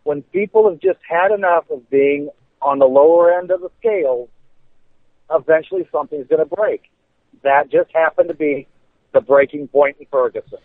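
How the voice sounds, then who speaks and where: A man co-hosting a talk radio show, speaking in a calm, measured, agreeing way. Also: a little high, no echo. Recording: tinny phone-line sound.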